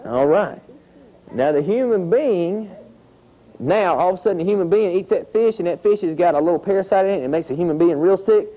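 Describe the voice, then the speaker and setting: A man, teaching a group of children outdoors, telling a lively story with sound effects. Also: high-pitched, brisk, poor audio. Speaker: environmental educator. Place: outdoors at a nature center.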